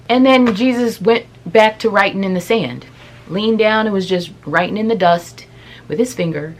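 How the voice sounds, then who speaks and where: A woman's voice: medium pitch, normal speed. A woman casually retelling Bible stories in a conversational way, with asides and fillers. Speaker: Bible storyteller. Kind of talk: casual storytelling.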